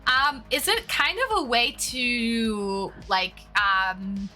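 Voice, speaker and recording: A woman hosting a casual live stream, chatty and quick to read viewer comments aloud. Her voice is fairly high and very bright. Faint music plays behind her. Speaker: stream host.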